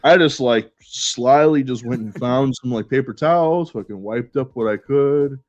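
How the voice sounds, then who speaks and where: A man's voice: medium pitch, moderate pace. A young man rambling through a party story in casual chat, swearing and laughing as he goes. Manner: rambling, profane, laughs between lines. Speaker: podcast co-host. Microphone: remote stream call. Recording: dull lo-fi stream audio.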